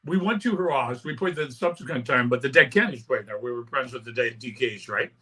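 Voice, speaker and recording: Older man from Canada, bright and forceful voice, loose anecdotal guest. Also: medium pitch, brisk, slightly rough. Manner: rambling anecdotes with many "right?" tags and acted-out quotes. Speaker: interview guest, punk musician. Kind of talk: casual storytelling interview.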